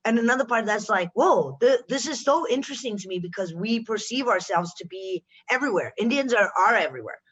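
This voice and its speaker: A woman from Chicago, a guest on a podcast, chatting casually with animated, swearing asides. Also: mid-range voice, fairly quick, hardly any pauses, husky, poor audio.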